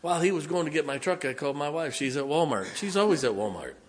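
A man's voice: on the high side, expressive, a little hiss or hum. A man, a pastor telling a story in a folksy, conversational sermon. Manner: folksy, conversational, dramatic pauses.

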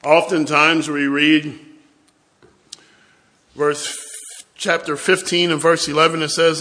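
A man's voice: fairly high pitch, fairly even intonation, a little slow, bright, forceful tone. A man preaching a sermon in church, telling humorous stories and acting out family scenes. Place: church with a responding congregation.

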